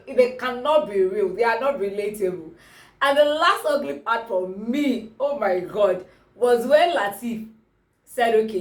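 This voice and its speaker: A woman with a Nigerian accent reviewing a movie in a casual vlog, talking in an exclamatory, animated way. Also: a little high. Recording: roomy, distant mic.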